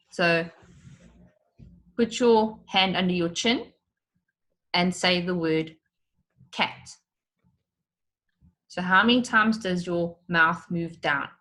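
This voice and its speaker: A woman's voice: lowish voice, a bit bright. A woman teacher giving an online lesson for children, explaining step by step and stretching out words to show their syllables.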